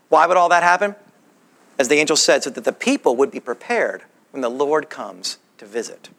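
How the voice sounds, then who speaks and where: A male preacher delivers a sermon in a relaxed teaching manner. His pitch rises and falls expressively, and a gravelly fry colors his voice. He often poses rhetorical questions to his listeners.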